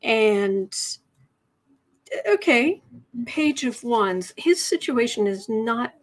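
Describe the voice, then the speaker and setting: Chatty woman livestream host, slightly high voice. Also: animated, very slow, pauses often. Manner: chatty and rambling, self-correcting, mock-apologetic. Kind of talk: casual livestream chat reading comments.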